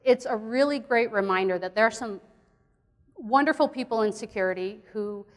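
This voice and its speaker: A woman's voice: a little high, moderate pace. A woman giving a conference talk, earnest and plainspoken, with fillers and restarts. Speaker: conference speaker. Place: conference hall. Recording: long hall reverb.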